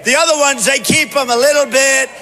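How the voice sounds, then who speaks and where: A man's voice: very high voice, steady tone, fairly quick, pushed and bright. A man giving a campaign rally speech as a candidate, boastful and repetitive in punchy bursts. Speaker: political candidate. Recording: reverberant hall, faint background noise.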